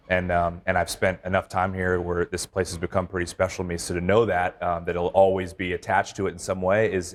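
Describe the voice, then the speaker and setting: Low-voiced baseball manager, loose and rambling. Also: male voice. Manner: relaxed, rambling, frequent fillers and restarts. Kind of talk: casual interview chat.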